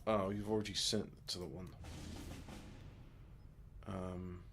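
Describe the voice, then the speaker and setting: A man talks through a strategy game in loose let's-play commentary, joking and mocking himself. His voice sits low with a gravelly fry. He mutters asides to himself as he goes. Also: level tone, takes it slowly, over music. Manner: rambling, joking and self-mocking. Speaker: gaming video host.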